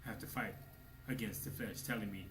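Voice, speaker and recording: A man preaching a sermon, swinging between hushed low asides and loud exclamations, at times speaking as God in the first person. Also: steady tone, brisk. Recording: echoey room with faint noise.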